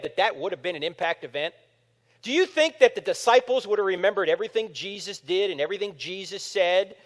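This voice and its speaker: A high-pitched man in his fifties speaks with wide, swooping intonation, acting out the people in his stories as he talks. His voice rings with a long hall reverb in a large room full of listeners. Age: 50s. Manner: animated storytelling, acting out quotes. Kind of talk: apologetics talk to a live audience.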